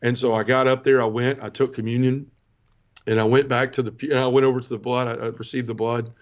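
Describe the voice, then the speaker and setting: Fast-talking man telling his conversion story. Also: medium pitch, level tone, muffled recording. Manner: earnest, emotional, halting restarts. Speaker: podcast guest. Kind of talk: personal testimony storytelling.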